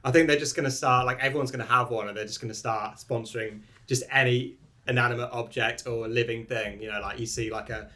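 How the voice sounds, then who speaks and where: A man's voice: mid-range voice, fairly even intonation, quick pace, sharp tone. A man, a comedian guest talking in a rambling, laid-back way in a panel chat.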